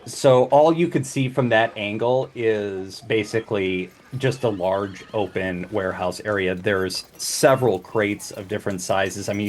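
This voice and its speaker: Acting as game master, a man narrates a tabletop game in a meandering way, full of fillers and restarts. His voice is fairly low, with slight background noise.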